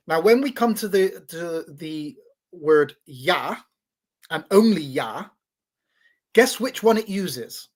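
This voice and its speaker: Halting man explaining with restarts. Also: high-pitched. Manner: halting, many restarts and repeated words; teaching tone, checks in with "right?". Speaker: podcast host. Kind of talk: casual explanatory talk.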